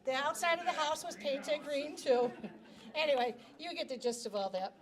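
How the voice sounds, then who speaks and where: A woman's voice: sits high, moderate pace, a crowd in the background. A middle-aged woman giving a prepared personal speech as grand marshal at a reception, talking in a chatty, self-deprecating way into a handheld microphone. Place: reception hall.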